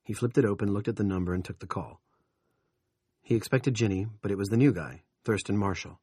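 A man reading an audiobook in measured, steady scripted narration. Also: on the low side, husky, dry recording, studio quality.

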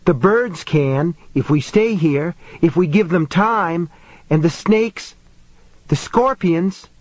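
A man doing a panicked woman, high and shrill. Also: expressive, slow pace, no echo. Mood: frantic, panicked. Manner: frantic, pleading, high-pitched. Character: terrified young woman trapped in a truck. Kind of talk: audiobook narration.

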